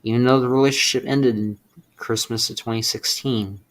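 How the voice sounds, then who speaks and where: A young man speaking in a halting, emotional personal confession, close to tears and swearing in frustration. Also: mid-range voice, fairly even intonation. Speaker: streamer.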